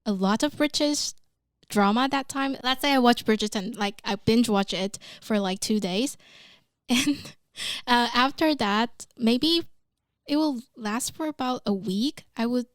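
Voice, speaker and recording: A woman chats casually as a podcast host, laughing often and filling pauses as she goes. Her voice sits fairly high and sounds smooth and clean. The studio sound is dry and close. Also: no echo. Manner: giggly, chatty, frequent fillers. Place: recording studio.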